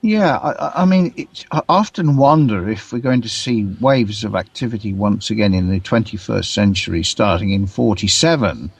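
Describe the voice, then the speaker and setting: Gravelly, halting older man. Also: fairly low pitch. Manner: halting, stumbles and repeats words. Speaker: guest author. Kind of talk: phone-in radio interview.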